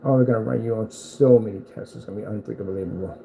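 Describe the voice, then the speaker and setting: A man's voice: lowish voice, fast talker, vocal fry, mellow, slight background noise, poor audio. A man delivering a boastful, taunting rant at a rival screen maker, repeating himself for emphasis. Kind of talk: trash-talking rant at a rival.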